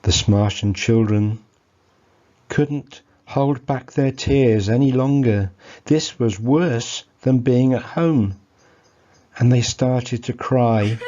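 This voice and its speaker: Slow, mellow English storyteller. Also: male voice, mid-range voice, a little hiss or hum. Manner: gentle, playful asides. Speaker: church storyteller. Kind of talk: family story reading.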